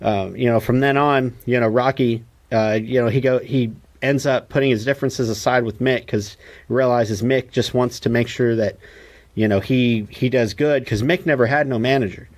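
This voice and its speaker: Animated man retelling movie scenes. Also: medium pitch, normal speed. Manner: animated, acts out film dialogue in quoted voices. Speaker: podcast co-host. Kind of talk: casual movie discussion.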